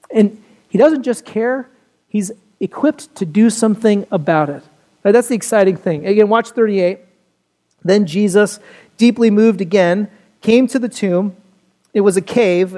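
A pastor preaching a Sunday sermon in an easy, conversational manner. The delivery keeps turning to the congregation with quick "right?" and "you know" asides and moves at a middling pitch. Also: darkish tone.

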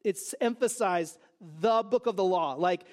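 A man teaching through a Bible passage verse by verse, in a conversational, animated way, asking and answering his own questions. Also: high-pitched, a little slow.

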